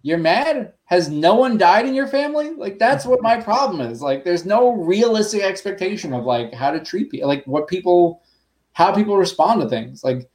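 A man on a podcast ranting bluntly, swearing often in casual chat. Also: sits high.

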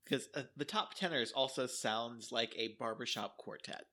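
A podcast co-host from the American Midwest who drops in quick jokes during casual banter. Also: medium pitch, pushed and bright. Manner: quick joking interjections.

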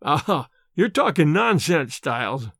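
A man's voice: on the high side, big pitch swings, slow, a bit bright, dry recording, clean studio sound, heavily acted. A man doing a curt, skeptical young student. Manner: clipped, dismissive replies.

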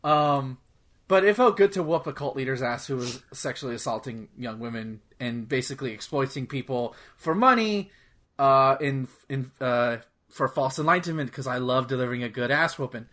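An animated man with a medium pitch and a fairly bright tone keeps a moderate pace as he co-hosts a gaming podcast. His talk wanders, packed with "like" and plenty of swearing.

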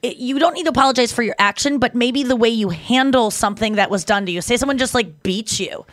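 Animated, swearing woman podcast host. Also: fairly high pitch, fast, no room sound, clean studio sound. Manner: animated storyteller who acts out quotes and swears freely. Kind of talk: casual chat.

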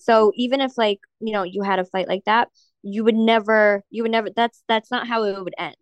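A woman's voice: mid-range voice, steady tone, a little fast, lo-fi sound. A woman hosting a podcast, chatting casually and teasing with frequent laughs. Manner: playful, teasing, laughs often. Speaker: podcast host. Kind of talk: casual chat.

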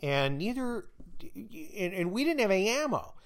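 A man's voice: sits high, big pitch swings, unhurried, vocal fry. A man in his fifties telling a story in casual, blunt, profane talk and acting out the people he quotes. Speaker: podcast host.

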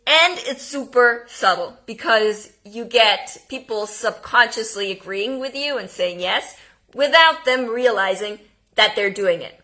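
A woman leads a live online workshop on tone of voice. Her voice is bright and forward, and she takes her time, leaving deliberate pauses. She shifts between loud, showy demonstrations and quiet, measured lines. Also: fairly high pitch. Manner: laughs at herself, informal. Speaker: communication coach.

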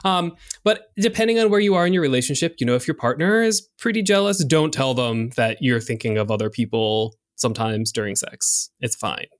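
A man's voice: mid-range voice, expressive, fairly quick, few pauses. A man co-hosting a podcast, talking frankly and casually about sex with lots of fillers. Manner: chatty, frank, filler-heavy. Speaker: podcast co-host.

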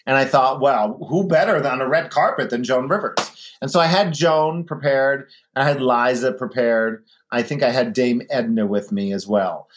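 A chatty man talking as a guest in a relaxed interview. He tells stories with energy and now and then imitates other people. His voice sits at an ordinary pitch. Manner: chatty, animated storyteller, mimics voices in anecdotes. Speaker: guest, drag performer. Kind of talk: casual interview chat.

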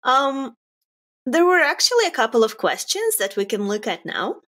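Lively high-voiced woman asking questions. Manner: prompting, polite, quick to thank. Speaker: podcast host asking questions. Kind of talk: casual interview chat.

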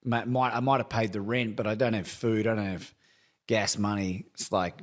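A middle-aged man, a coach speaking candidly as a guest, animated and laughing often. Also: lowish voice, normal speed. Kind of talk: candid conversational storytelling.

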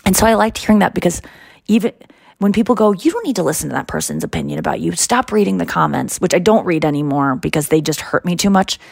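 A woman hosting a podcast, chatting casually and telling stories in an animated way, acting out what others said. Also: fairly low pitch, gravelly, husky, no room sound, studio quality. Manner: animated storytelling, quick impressions of others. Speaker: podcast host. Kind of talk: casual chat.

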